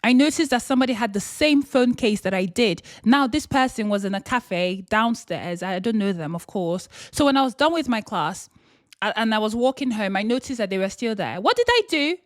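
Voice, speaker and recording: A young woman talks straight to camera in a casual motivational monologue, her voice sitting a little high. She is animated and often bursts into exaggerated, excited voices and laughs. The sound is close and dry, with no room around it. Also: brisk, no room sound. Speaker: lifestyle vlogger.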